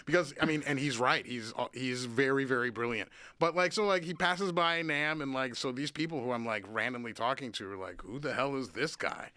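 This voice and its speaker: Man, from Cincinnati, interview guest, animated storyteller, says "like" a lot, bright voice. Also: mid-range voice, smooth, no room sound. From Cincinnati, USA. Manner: animated, fast-running, full of "like" and swearing. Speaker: guest, drummer and producer.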